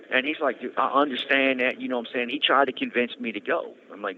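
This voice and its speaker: A man tells his own story, earnest and conversational, often repeating himself and restarting. His voice sits at an ordinary pitch for a man. The sound comes through a thin, tinny phone line with a faint hiss behind it. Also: steady tone, quick pace, few pauses. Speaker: podcast host telling his story. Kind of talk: casual storytelling. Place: prison phone. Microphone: prison phone handset.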